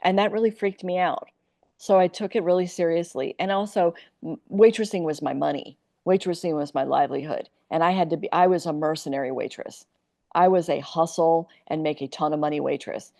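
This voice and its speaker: A woman's voice: low voice, fairly quick, gravelly, dry recording, clean studio sound. A woman from Iowa, a comic actress, telling candid stories in a podcast interview and acting out the people in them. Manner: animated, acts out quoted voices.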